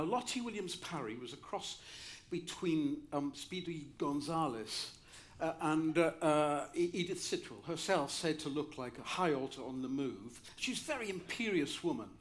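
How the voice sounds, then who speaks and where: A man's voice: fairly high pitch, fairly bright tone. A man in his sixties from North Wales, a musical director telling wry anecdotes on a cabaret stage. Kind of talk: cabaret storytelling.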